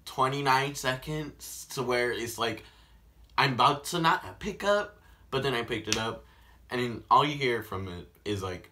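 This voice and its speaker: A man telling a story in a casual vlog, animated and sarcastic. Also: medium pitch, measured pace. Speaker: vlogger.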